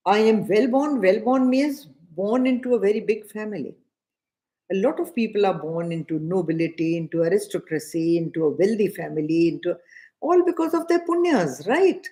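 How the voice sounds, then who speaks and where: A middle-aged woman, a scripture teacher with an Indian English accent, delivers a spiritual discourse at a medium pitch in a dark tone. She speaks deliberately, repeats key phrases, and sometimes chants verses slowly.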